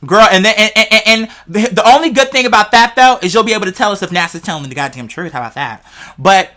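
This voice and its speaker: A bright-voiced vlogger, high on cannabis, rambles fast at a medium pitch straight to his viewers. His casual monologue is playful and heavily profane.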